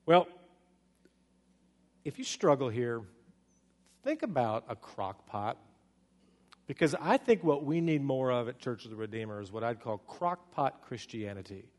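Animated preacher in an echoing hall. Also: male voice, mid-range voice. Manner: animated storytelling, swings from loud and excited to hushed and slow. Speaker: pastor. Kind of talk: sermon.

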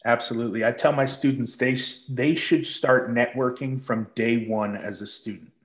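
A man hosting a podcast interview, asking questions and replying in a measured, encouraging way. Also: mid-range voice, steady tone. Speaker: podcast host.

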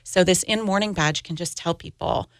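A woman's voice: lowish voice, moderate pace, dry recording, clean studio sound. A middle-aged woman and grief coach, telling her own story candidly as a guest on an interview podcast.

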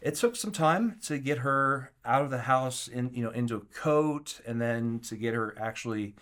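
A man telling a story as an interview guest, animated and acting out the quotes, with frequent restarts. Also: mid-range voice, moderate pace. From Kansas City area.

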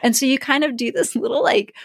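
A woman hosting a podcast in casual chat, telling stories in a lively, animated way. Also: high-pitched, quick pace, no room sound, clean studio sound. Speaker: podcast host.

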